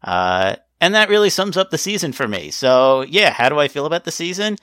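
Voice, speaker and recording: A man's voice: big pitch swings, a little fast, a bit bright, dry recording. Jokey man hosting a podcast, dry sound. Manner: jokey, laughs often, pitch jumps up when joking. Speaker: podcast host. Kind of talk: casual podcast chat.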